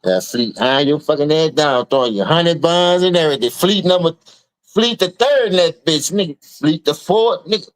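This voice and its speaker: A man with a New Orleans accent streaming an unscripted, profane rant to his listeners. He keeps calling them dog and bro, and he swings between low mutters and sudden high outbursts. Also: animated, normal speed, dry recording. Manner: repeats words, addresses listener as dog and bro. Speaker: streamer giving a spoken open letter.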